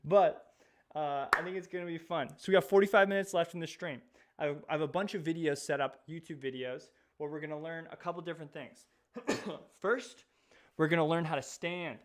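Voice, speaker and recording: Upbeat, breathless young man, high voice. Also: steady tone, a little fast. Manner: upbeat, chatty, addresses viewers directly. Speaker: host of an educational live stream. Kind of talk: energetic live-stream talk to chat.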